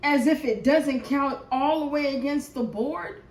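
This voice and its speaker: A woman giving a tarot collective reading as an impassioned, profane rant. She swings from loud outbursts to hushed prayer. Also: high voice, a little slow, echoey room, low-quality recording. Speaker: tarot reader.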